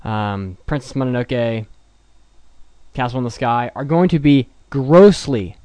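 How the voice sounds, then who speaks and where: A man's voice: mid-range voice, a little slow, mellow, smooth, dry recording. A man hosting a casual podcast chat, blunt and opinionated. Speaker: podcast host.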